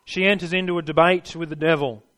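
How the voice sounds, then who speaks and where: A man's voice: fairly high pitch, steady tone, fast talker, fairly bright tone. A man preaching a sermon, stressing his points and putting rhetorical questions to his listeners.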